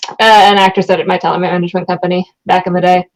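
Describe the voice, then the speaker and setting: A woman who used to work in talent management, teasing and chatting in a relaxed group conversation. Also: fairly low pitch, fast talker, rough recording. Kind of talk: casual group chat.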